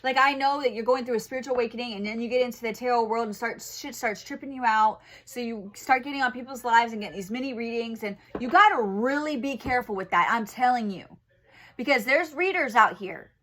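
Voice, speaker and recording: A woman's voice: fairly high pitch, brisk, fairly bright tone. A young woman tarot reader giving a casual spiritual reading, blunt and full of swearing, who gets heated. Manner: blunt and profane, grows heated and angry.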